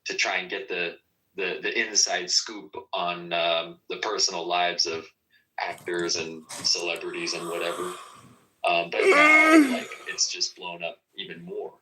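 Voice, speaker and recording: Very low-voiced man, rambling podcast talk. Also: level tone, moderate pace, background noise. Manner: rambling, many fillers and restarts. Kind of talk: casual podcast chat.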